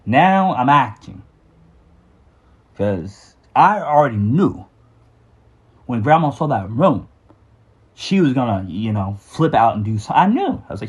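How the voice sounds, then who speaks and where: A middle-aged man recounts a story from his own life in an unscripted, earnest way. His voice is husky and sits at an ordinary pitch, and he halts and restarts often, sighing between thoughts. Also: sing-song. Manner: halting, with frequent fillers and restarts. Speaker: memoir storyteller.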